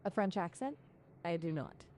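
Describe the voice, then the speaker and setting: A woman's voice: on the low side, expressive, moderate pace, a little mellow. A woman's voice acting as a conversational AI assistant, apologetic and explanatory as she answers questions. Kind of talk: conversational AI chat.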